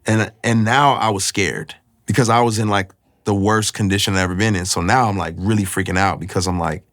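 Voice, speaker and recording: Man telling his faith story, low-pitched, candid, searching for words. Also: fairly even intonation, a bit bright. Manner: earnest and confessional, pauses often to find words. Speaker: speaker sharing a personal testimony.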